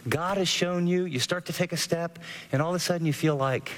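A middle-aged man preaching a radio sermon, animated, with sudden rises and drops in his voice. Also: on the high side, a little fast, big-room sound. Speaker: pastor.

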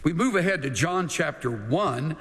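A man preaching a sermon as pastor, slow and measured, with dramatic pauses and emphasis that drops at the ends of lines. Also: a little high, expressive, a bit bright, big-room sound.

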